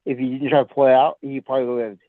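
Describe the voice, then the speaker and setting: A man's voice: medium pitch, level tone, quick pace, no echo. A man co-hosting a casual podcast chat, teasing and repeating himself over a tinny phone-like line. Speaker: podcast co-host.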